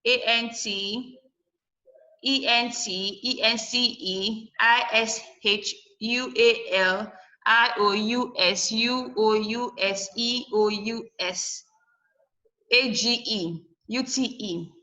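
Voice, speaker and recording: Slow, bright and forceful, a woman teacher's fairly high voice carries through an English lesson recorded in dull lo-fi classroom sound. She goes through word endings one letter at a time and repeats each example word.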